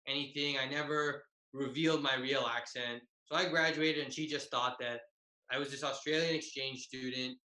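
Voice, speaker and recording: Young man, comedian, bright edgy tone, self-mocking and profane, roomy video-call sound. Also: medium pitch, steady tone, normal speed. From Bay Area, California. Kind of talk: tag-team comedic storytelling. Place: home over a video call.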